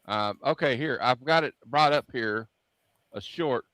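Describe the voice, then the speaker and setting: A man hosting a relaxed chat show, talking through a video on screen. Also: medium pitch, a little slow, no echo. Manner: easygoing, narrates what is on screen. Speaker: host. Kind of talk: casual chat while showing videos.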